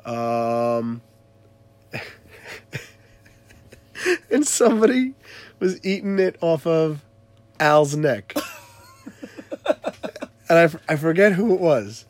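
Lively storytelling man. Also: fairly high pitch, slow pace, pauses often. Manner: animated, laughing retelling with quoted voices. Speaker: storyteller recounting a party. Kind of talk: casual chat.

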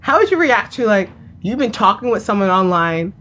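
A woman in casual conversation about a TV drama, animated and laughing often, acting out quotes. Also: mid-range voice, moderate pace.

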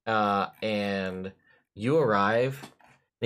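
A man's voice: fairly low pitch, moderate pace, a bit bright. A man narrating a tabletop game as game master, in a casual, jokey way.

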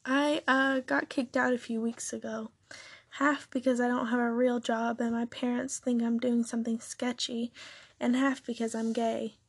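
A woman voicing a young female superhero, earnest and hesitant, with a husky voice. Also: on the high side, level tone, moderate pace, no room sound. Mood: nervous.

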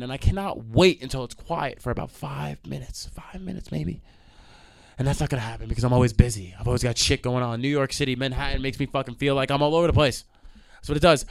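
Young male vlogger, loud animated storyteller, close dry mic. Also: mid-range voice, gravelly, no echo. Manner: animated, profane, acts out the people in his stories. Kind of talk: ranting storytime monologue.

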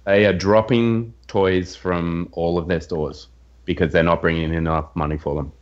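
Low-voiced Australian man, lo-fi line. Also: fairly even intonation, moderate pace. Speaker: podcast co-host. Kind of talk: casual chat over a call. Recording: dull lo-fi line.

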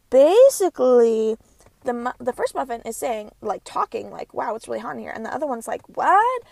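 A woman's voice: fairly high pitch, creaky, a little mellow. A woman in her twenties hosting a casual solo podcast, chatty and rambling with lots of fillers. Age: 20s. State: out of breath. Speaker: podcast host.

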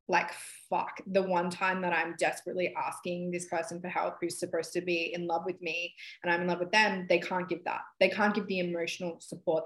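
Woman in her thirties, podcast host, open and emotional, swears casually, slightly low voice. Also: fairly bright tone, poor audio. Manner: candid, emotional, swears freely.

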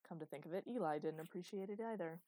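Woman reading a story out, lowish voice, dry close sound. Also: fast, warm tone, no room sound. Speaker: narrator. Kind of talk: audiobook narration.

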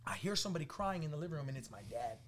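A man from the Los Angeles area telling his testimony as a podcast guest, acting out what people said to him in an animated way. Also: on the high side, very fast, a crowd in the background. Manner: animated, acts out quoted voices, laughing through funny parts. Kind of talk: storytelling testimony.

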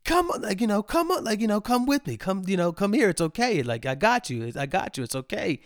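A man voicing a kindly adult male neighbor who gently coaxes a lost child to come with him. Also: high voice, big pitch swings, brisk, dry recording, clean studio sound, pitched above the performer's own voice. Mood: coaxing. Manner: gentle, soothing, repetitive reassurance.

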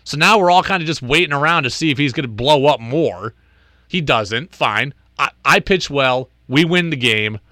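A man hosting a sports talk show, telling a story in an animated, exasperated way. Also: medium pitch, normal speed, no room sound.

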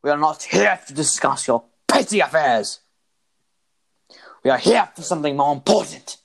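A man's voice: a little high, lively intonation, normal speed, creaky. A man voicing an imperious male commander of a council, speaking in a put-on robotic voice. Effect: robotic voice, spoken.

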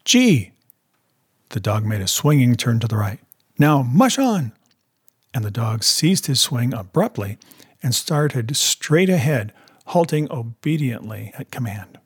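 A man reading a classic story aloud, measured and steady. His voice is husky, sitting at an ordinary mid pitch. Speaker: narrator. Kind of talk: storybook narration.

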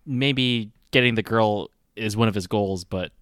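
A man's voice: on the low side, measured pace, fairly bright tone, dry recording, studio quality. A young man co-hosting a casual movie review chat, agreeable, chiming in often and laughing along. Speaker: podcast co-host.

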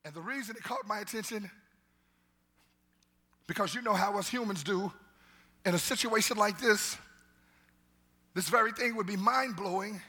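A male pastor preaches with a bright, forceful voice that has a husky edge. He calls out to the congregation, stumbles into runs of repeated words and then surges into loud, climbing peaks. His pitch sits a little high for a man. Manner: call-and-response preaching, repeats words, rises to shouts. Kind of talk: sermon. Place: church sanctuary.

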